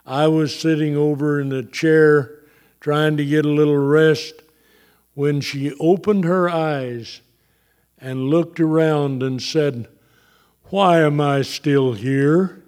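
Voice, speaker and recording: An older man preaching a sermon, telling a personal testimony in a slow, halting way and rising into fervent scripture. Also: fairly high pitch, fairly even intonation, a little mellow, clean tone. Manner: slow, halting, reading from notes.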